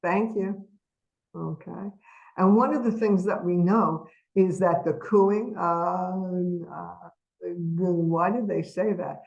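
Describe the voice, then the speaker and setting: Woman webinar presenter, low register, unhurried, emphatic, asks the audience questions. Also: creaky, darkish tone, lo-fi sound. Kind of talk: educational webinar lecture.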